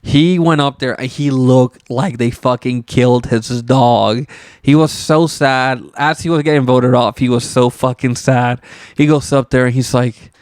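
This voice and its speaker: Smooth-voiced man rambling on a podcast. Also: medium pitch, steady tone, measured pace, darkish tone, no echo, studio quality. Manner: rambling, loose, filler-heavy and swearing. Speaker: podcast host. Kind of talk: casual solo podcast chat.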